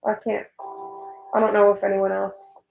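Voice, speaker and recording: A woman's voice: medium pitch, completely flat delivery, moderate pace, gravelly, darkish tone, roomy sound, soft background music, low-quality recording. A young woman chatting casually while she works on a drawing, rambling and swearing, getting worked up at times. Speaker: artist vlogger.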